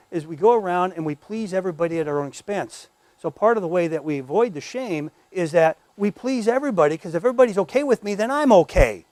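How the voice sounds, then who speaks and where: A man's voice: fairly high pitch, darkish tone, no echo. A man lecturing at a workshop in a conversational, emphatic way, often repeating words and speaking straight to his audience. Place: lecture room.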